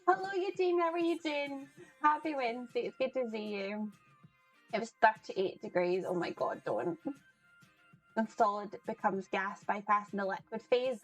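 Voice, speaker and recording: A fairly high-pitched woman chats easily with her viewers during a live cooking stream at home, greeting people by name and laughing often. Faint music plays softly behind her. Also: poor audio. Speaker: livestream cooking host. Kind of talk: casual chat with viewers while cooking. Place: home kitchen.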